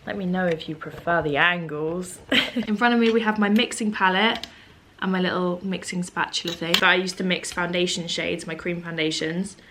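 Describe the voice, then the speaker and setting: A young woman chatting casually to a camera on a tripod at home, self-mocking and lively. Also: on the low side, moderate pace, noisy background. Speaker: beauty vlogger. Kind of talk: casual vlog chat to camera. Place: home room at a table.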